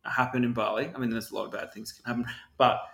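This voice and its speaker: Bright-voiced man telling stories. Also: medium pitch, fast talker, vocal fry, reverberant. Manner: animated, swearing, frequent "like" fillers. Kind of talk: casual storytelling chat.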